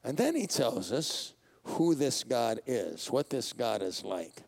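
A man's voice: mid-range voice, sing-song, takes it slowly, gravelly, darkish tone. A man, preaching a sermon as pastor in a conversational style, putting questions to the congregation and laughing often.

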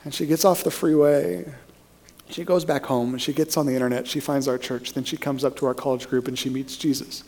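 A man's voice: steady tone, fairly quick, darkish tone. A young adult man preaching a sermon as pastor, telling stories and acting out the voices he quotes. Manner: storytelling, acts out quoted voices with rising pitch.

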